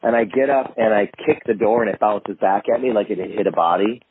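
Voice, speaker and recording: A man calling in as a guest, telling a story with animated energy and acting out what other people said. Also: lowish voice, a little fast. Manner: animated, acts out other people's lines in a raised voice. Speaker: guest filmmaker. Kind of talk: storytelling in a phone-in interview. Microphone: phone call. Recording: tinny phone line with faint hiss.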